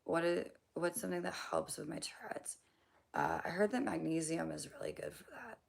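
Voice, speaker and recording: Hoarse low-voiced young woman streaming. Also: normal speed. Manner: rambling, swearing, slangy, laughing at her own jokes. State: hoarse, losing her voice. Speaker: livestream host answering chat. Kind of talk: casual livestream chat.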